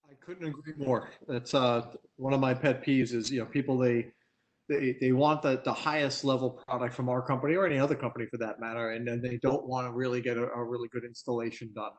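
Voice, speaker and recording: A man's voice: mid-range voice, flat delivery, a little fast, highs cut off. A man presenting a live online training, candid and storytelling, laughing at his own anecdotes over a video call mic. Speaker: product expert presenter.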